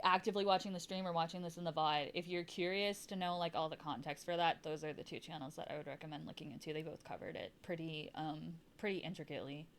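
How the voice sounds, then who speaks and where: A woman's voice: on the low side, clean tone. A woman streamer chatting casually, swearing freely and laughing often.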